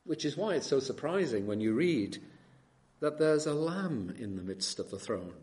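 Guy preaching a sermon, average pitch, goes quiet then booms, drags out the big words. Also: big pitch swings. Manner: dramatic, swings between soft and loud emphasis; slows down to stress key words. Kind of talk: expository sermon.

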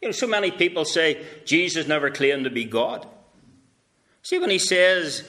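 A man's voice: a little high, lively intonation, moderate pace, pushed and bright. A male pastor preaching a sermon at a carol service, telling a story in a conversational way with asides. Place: church.

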